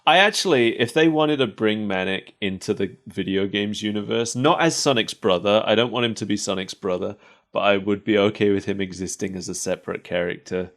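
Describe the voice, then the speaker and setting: A man's voice: lowish voice, fairly quick, fairly bright tone. A man co-hosting a podcast, chatting casually and laughing often between wry asides. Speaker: podcast co-host. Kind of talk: casual chat.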